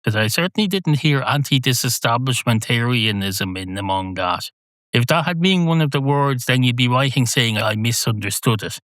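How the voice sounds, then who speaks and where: A man's voice: medium pitch, animated, moderate pace, a bit bright, no echo, natural voice. A man voicing an indignant, pedantic talking cat that argues at length. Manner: argumentative, long-winded.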